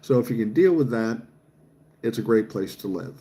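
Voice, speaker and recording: A man's voice: fairly low pitch, expressive, normal speed, mellow. A man, chatting casually on a livestream and reading viewer comments aloud, swearing freely. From Minnesota, USA. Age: 60s. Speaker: livestream host reading chat.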